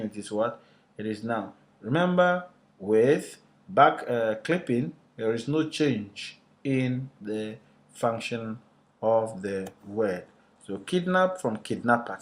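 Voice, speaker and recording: A man teaching a recorded lesson, explaining deliberately and putting rhetorical questions to his students before answering them himself. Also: medium pitch.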